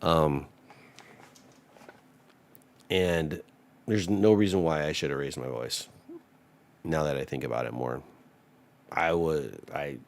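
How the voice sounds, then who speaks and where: A married man casually reading scripture and reflecting on it in a relaxed, rambling way, often restarting and laughing softly. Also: rumbling low, takes it slowly, long pauses. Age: adult married man. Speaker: Bible study vlogger.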